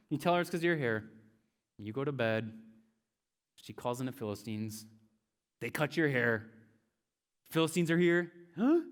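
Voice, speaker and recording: Male youth pastor, slightly higher voice, casual storytelling sermon. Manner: casual, chatty, tells it in second person.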